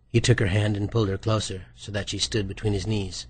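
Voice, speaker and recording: A man reading a novel aloud as narrator in an even, measured way. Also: on the low side, breathy edge, dry recording. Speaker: audiobook narrator. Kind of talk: scripted narration.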